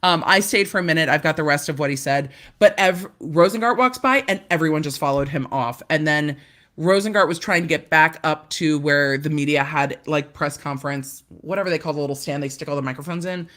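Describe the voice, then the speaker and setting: Speaking fairly quickly in a low, slightly bright voice, a woman legal commentator chats on a live stream from her hotel room. She laughs easily and turns her own mishaps into self-deprecating jokes.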